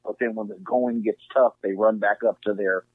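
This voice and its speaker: He's a podcast guest from Inglewood in Southern California, talking at a normal speed in a fairly low, fairly even voice. The casual conversation is heartfelt and earnest, thick with fillers, and the dry recording has a tinny, phone-line quality.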